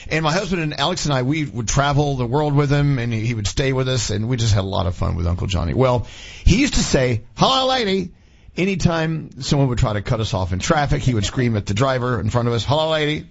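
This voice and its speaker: Middle-aged male morning-show host, husky, chatty storyteller, dull lo-fi sound. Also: mid-range voice, animated, quick pace. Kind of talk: casual radio talk.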